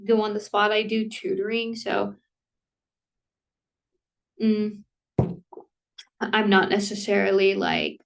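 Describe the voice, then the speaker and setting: A woman's voice: mid-range voice, animated, gravelly. A woman vlogger rambles through a casual rant, breaking off mid-thought and apologizing as she goes. Her voice sits in an ordinary middle register and comes across slightly distant from the microphone. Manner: rambling, self-interrupting, full of "like" and quick apologies; laughs between thoughts. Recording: voice somewhat distant from the mic.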